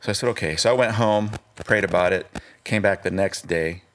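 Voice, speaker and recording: A man's voice: sits low, a little fast. A man in his fifties, a pastor and guest, telling stories in a casual interview and acting out the dialogue as he goes. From California. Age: 50s. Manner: animated storyteller, acts out dialogue.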